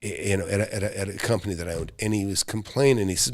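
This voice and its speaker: Blunt gravelly man hosting a live stream. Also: on the low side, very fast, dry recording, clean studio sound. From United States. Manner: blunt, swears, lots of restarts and fillers. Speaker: real estate coach hosting a live Q&A stream. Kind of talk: live-stream chat with viewers.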